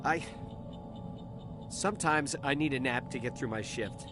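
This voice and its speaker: A man's voice: medium pitch, measured pace, music in the background, close to an everyday voice. A man playing a stammering, rattled dock worker. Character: nervous, shaken male dock worker, adult. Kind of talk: video game voice acting. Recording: game audio with steady background noise.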